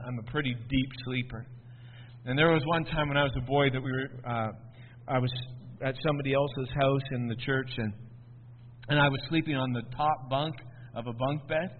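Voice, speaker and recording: A man preaching a sermon, swinging between hushed and loud, often repeating and stumbling over words. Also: on the high side. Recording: tinny phone-like sound in a long echoing hall.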